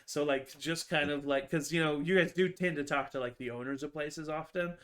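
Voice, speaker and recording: A man's voice: on the high side, fairly even intonation, fairly quick, fairly bright tone. Guy on a video call rambling thru his game master notes, lots of ums and likes. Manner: rambling, many fillers and restarts. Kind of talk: casual video-call interview.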